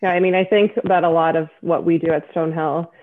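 Flat-voiced man on a tinny line. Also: fairly high pitch, fast. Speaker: college fundraising staff. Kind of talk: podcast conversation.

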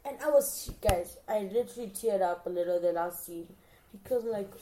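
A woman's voice: mid-range voice, moderate pace, mellow, slight background noise. A young woman in casual reaction chat, talking straight to her viewers and acting out her own reactions with gushing emotion. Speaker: vlogger reacting to a TV series.

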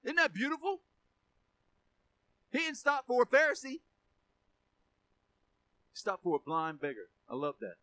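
A man's voice: very high-pitched, huge pitch swings, measured pace, pauses often, bright, forceful tone, no room sound. A man preaching a sermon to his church, emphatic, often repeating words and asking for an amen. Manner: emphatic, repeats words, asks congregation for amens. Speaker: pastor.

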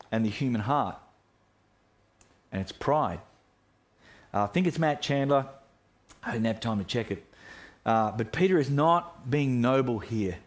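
Earnest pastor preaching. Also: male voice, medium pitch. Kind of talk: sermon.

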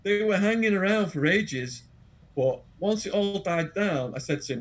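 A man with an English accent, an interview guest telling an animated, dramatic anecdote full of quoted voices. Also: high voice, normal speed. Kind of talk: storytelling anecdote.

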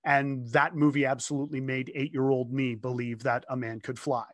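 A man in his fifties, a guest telling a heartfelt story in casual conversation from his home office, earnest and animated, often restarting his sentences. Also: mid-range voice, normal speed, no echo, clean studio sound.

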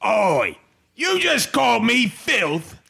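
A man's voice: very high-pitched, wildly swooping pitch, takes it slowly, creaky, bright, forceful tone, slightly rough, pitched above the performer's own voice, full character voice. A man voicing a sly dwarf who poses as an orc and spreads rumors. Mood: scheming. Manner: conspiratorial, scheming.

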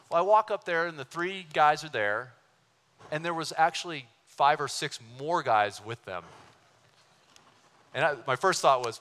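A man preaching a sermon, telling a personal story in an animated way and acting out the voices of people he quotes. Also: fairly high pitch, moderate pace, long pauses. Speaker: pastor. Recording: long hall reverb.

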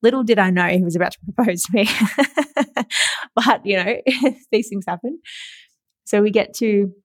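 A young Australian woman hosting a podcast, telling a story in a chatty, excitable way with frequent laughs and casual swearing. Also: medium pitch, a little slow, dry recording. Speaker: podcast host.

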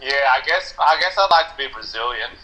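Bright-voiced Australian man, laid-back teasing. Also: medium pitch, animated, fairly quick, roomy sound, poor audio. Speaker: podcast guest. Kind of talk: casual comedic podcast banter. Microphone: remote call.

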